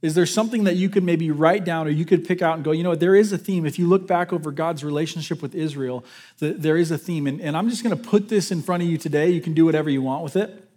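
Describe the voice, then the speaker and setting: Guy pastor with a high voice, chatty sermon, lots of restarts. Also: quick pace, dark tone. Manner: conversational, jokes with the congregation, many restarts.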